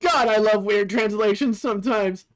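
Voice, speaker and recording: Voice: medium pitch, moderate pace. A streamer casually commenting over gameplay while comparing translations, thinking aloud with fillers and the odd swear word.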